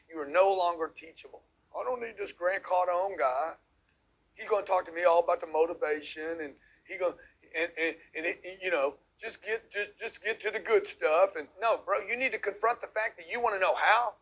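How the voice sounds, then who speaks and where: Man, motivational speaker, fairly high voice, blunt and preachy, slangy, forceful. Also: breathy edge, poor audio. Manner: blunt, punchy, preachy street-talk delivery. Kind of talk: motivational talk to camera.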